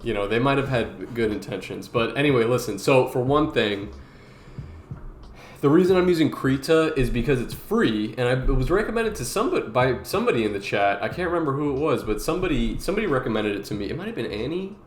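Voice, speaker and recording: A young man live-streaming to his chat in a casual, excitable way, laughing often and at times out of breath. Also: medium pitch, fast talker, roomy sound, slight background noise. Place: room at home.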